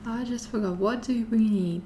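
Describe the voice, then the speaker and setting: A woman streamer with a fairly high voice and moderate pace plays a horror game out loud, talking to herself in a scared way. She repeats herself and drops to whispers; game music is loud behind her, and there's background noise.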